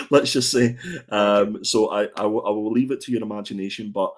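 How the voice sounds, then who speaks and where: A man's voice: on the low side, fairly even intonation, moderate pace. A man co-hosting a comics livestream, chatting casually in a rambling, joking way. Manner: chatty, rambling, joking, with frequent fillers and restarts. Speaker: co-host of a comics show.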